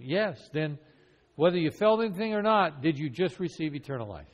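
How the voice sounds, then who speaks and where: A man's voice: on the high side, lively intonation, fairly quick. A man leading a church evangelism training class, asking the group question after question in an earnest, conversational way. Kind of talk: classroom teaching with role-play. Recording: long hall reverb.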